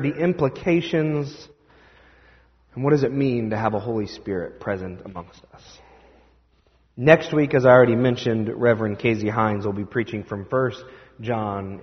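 A man pastor giving a conversational sermon, telling stories and acting out what people said. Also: medium pitch. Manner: conversational storytelling, animated quoting. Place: church sanctuary. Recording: dull sound with long hall reverb.

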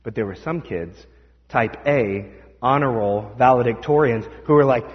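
A man's voice: medium pitch, moderate pace. A man pastor giving a conversational sermon, telling stories and acting out what people said. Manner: conversational storytelling, animated quoting. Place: church sanctuary. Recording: dull sound with long hall reverb.

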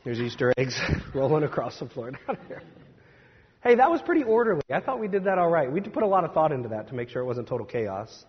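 Husky-voiced pastor in a reverberant sanctuary. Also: male voice, on the high side, big pitch swings, fast, highs cut off. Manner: conversational storytelling with laughs. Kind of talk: scripture reading and Easter sermon. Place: church sanctuary.

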